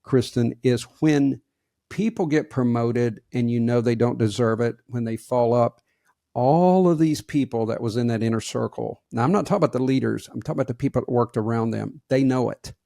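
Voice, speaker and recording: A man with a Southern US accent talks in a folksy, plainspoken way as a podcast co-host. His voice has a gravelly edge. He is recorded close and dry. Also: medium pitch, brisk, warm tone, no room sound. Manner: folksy, plainspoken, preachy asides to leaders. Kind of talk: casual podcast talk.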